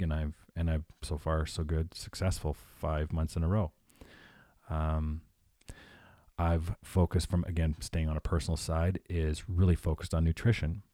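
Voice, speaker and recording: A man's voice: rumbling low, warm tone, dry recording, clean studio sound. A man in his forties, a coach, talking earnestly and reflectively as an interview guest, often restarting his phrases. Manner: reflective, earnest, repeats himself. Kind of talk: conversational interview.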